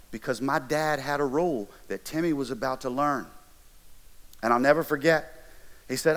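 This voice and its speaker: Animated man telling a sermon story. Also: on the high side, a little fast. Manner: animated, conversational, jokey asides. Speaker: college ministry pastor.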